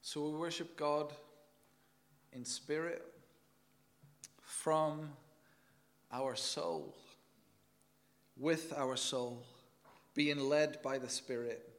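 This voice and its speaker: A man's voice: fairly high pitch, fairly even intonation, very slow, pauses often. A man preaching a sermon in an earnest, emphatic way, often repeating words as he goes.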